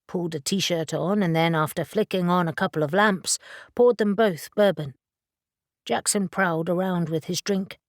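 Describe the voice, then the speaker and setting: Woman reading an audiobook, low and dry. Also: no echo. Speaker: audiobook narrator. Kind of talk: scripted audiobook narration.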